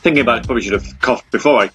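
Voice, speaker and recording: A man's voice: medium pitch, vocal fry, a bit bright. A man hosting a radio show from home, chatting casually and rambling with lots of fillers.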